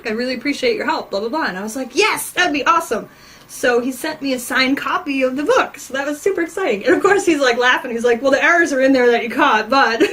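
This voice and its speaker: A woman's voice: on the high side, a bit bright, low-quality recording. A woman hosting a casual podcast, chatting enthusiastically and acting out conversations, her allergies bothering her. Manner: chatty, enthusiastic, acts out quoted exchanges. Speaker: podcast host. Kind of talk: casual chat about books and TV.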